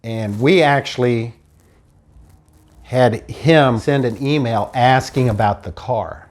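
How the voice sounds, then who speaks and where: A man telling his own true story in an animated, frustrated way, acting out the people he dealt with. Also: medium pitch, takes it slowly. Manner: animated, frustrated retelling with quoted dialogue. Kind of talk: personal storytelling.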